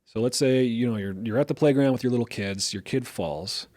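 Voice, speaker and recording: A middle-aged man co-hosting a casual podcast conversation, telling lively everyday stories and illustrating them as he goes. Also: mid-range voice, a little fast, dry recording, clean studio sound. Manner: lively storyteller, acts out parent voices. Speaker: podcast co-host.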